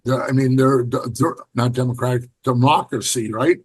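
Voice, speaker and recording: A man's voice: mid-range voice, steady tone, moderate pace, breathy edge. A middle-aged man, a podcast guest, telling blunt, profane stories and acting out the quotes in his anecdotes. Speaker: podcast guest, former biker club member. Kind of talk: casual storytelling interview.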